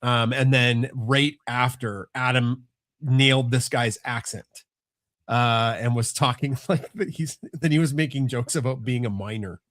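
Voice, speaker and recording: A man's voice: mid-range voice, steady tone, a little slow, a bit bright, no echo, clean studio sound. A middle-aged man, chatting casually on a family podcast, rambling and restarting often. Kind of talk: casual chat.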